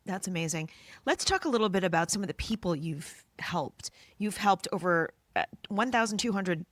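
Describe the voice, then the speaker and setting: A woman's voice: fairly low pitch, lively intonation, normal speed, a bit bright, no room sound. A woman hosting an interview, asking questions and reacting attentively with short exclamations.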